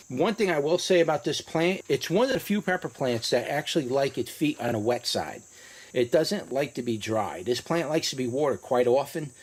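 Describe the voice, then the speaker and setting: A man's voice: mid-range voice, a little mellow, breathy edge, no room sound. A man casually reviewing hot peppers outdoors in his garden, talking through the burn as he eats them. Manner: chatty, exclaims and coughs from the heat. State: hiccuping, burning mouth.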